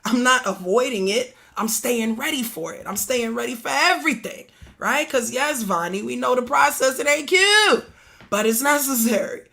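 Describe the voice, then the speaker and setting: Hoarse Harlem woman preaching with fervor. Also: fairly high pitch, lively intonation, normal speed, pushed and bright. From Harlem, New York. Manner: rhythmic, repetitive exhortations, chants and sings prayers. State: slightly hoarse. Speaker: priestess leading prayer. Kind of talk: call-and-response preaching.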